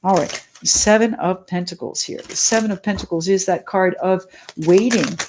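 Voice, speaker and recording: A middle-aged woman giving a live tarot reading, excitable and chatty, talking straight to her viewers and greeting them by name. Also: fairly low pitch, moderate pace, noisy background. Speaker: tarot reader.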